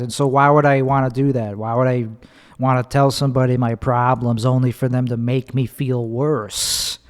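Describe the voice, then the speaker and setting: A man's voice: on the high side, big-room sound. A young man, hosting a solo podcast, talking in a sarcastic, profane ramble and acting out other people's voices. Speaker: podcast host.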